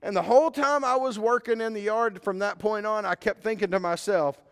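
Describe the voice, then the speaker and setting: A man's voice: high voice, brisk, few pauses, a bit bright, clean tone. A man preaching a conversational sermon as a pastor, mixing scripture with a personal story. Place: church sanctuary. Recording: long hall reverb.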